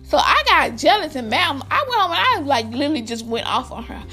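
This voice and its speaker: A young woman spins a storytime for her viewers with a high, bright voice that swoops up and down all the time. She keeps turning to the audience, and she laughs often. Soft music plays faintly underneath. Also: sing-song, brisk. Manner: chatty, addresses viewers directly, laughs often. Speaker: vlogger. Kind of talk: casual storytime vlog.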